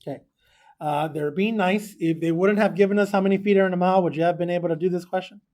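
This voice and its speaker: In a recorded classroom lesson, a male math teacher speaks fast and steadily in a high, darkish voice. Chatty with the students, he frequently questions them and wanders onto tangents.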